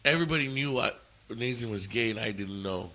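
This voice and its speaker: A man with a bright, forceful voice sits at a desk mic for a casual podcast. He tells stories bluntly and swears all the time, acting out what people said to him. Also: medium pitch, expressive, brisk. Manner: profane, blunt, quotes people in his stories. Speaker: podcast co-host. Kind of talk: casual chat, storytelling.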